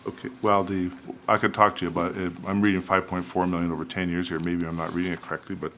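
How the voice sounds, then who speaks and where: Low-voiced councillor asking staff. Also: male voice, level tone, fast, pushed and bright, slight background noise. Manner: polite and procedural, with frequent fillers. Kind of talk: council debate.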